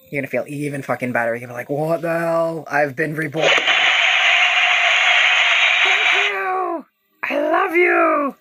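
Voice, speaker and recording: Low-voiced, effusive woman hosting a reiki livestream. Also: sharp tone. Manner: effusive, affectionate and swearing freely. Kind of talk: casual livestream energy-healing session.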